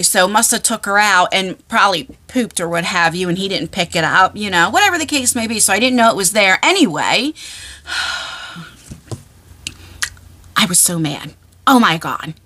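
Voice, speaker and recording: A middle-aged woman casually telling a long personal story, rambling and animated, full of fillers and checks like "okay?". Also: fairly high pitch.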